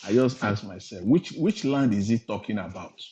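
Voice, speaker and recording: A man from Nigeria, a panel guest, giving halting political commentary over lo-fi call audio. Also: fairly low pitch, expressive, husky. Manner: halting, filler-heavy, then forceful quoting.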